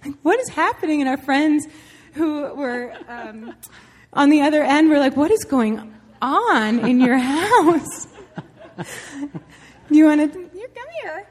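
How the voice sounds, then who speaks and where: A woman's voice: high voice, lively intonation, slow pace. A woman telling a church audience a story about her daughter, laughing often and speaking with emotion. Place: large church hall. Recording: echoey hall with long reverb.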